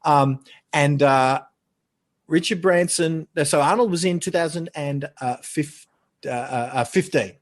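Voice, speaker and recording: A middle-aged man, a podcast guest, telling stories in a chatty, animated way and often repeating words as he gets excited. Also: on the high side, measured pace. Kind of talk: casual storytelling chat.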